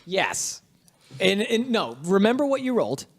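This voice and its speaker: A man runs a tabletop game as its game master, his voice rising and falling all over the place. He talks in a chatty, animated way and narrates bloody fights with obvious glee. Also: sits high, unhurried.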